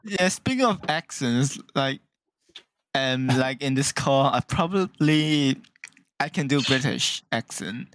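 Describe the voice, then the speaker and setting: A man's voice: medium pitch, expressive, fairly bright tone, no echo. A man co-hosting a casual podcast over a voice call on a close mic, laughing often and restarting his sentences. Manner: laughs a lot, halting restarts. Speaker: podcast co-host. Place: online voice call. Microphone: close mic he keeps hitting.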